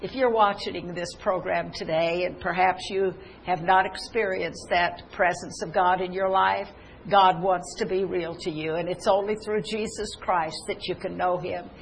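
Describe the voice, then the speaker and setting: A woman's voice: fairly low pitch, fairly even intonation, moderate pace, gravelly, a little hiss or hum, rough recording. Earnest woman preaching a sermon. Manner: earnest, with many restarts, quoting scripture aloud. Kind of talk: televised sermon.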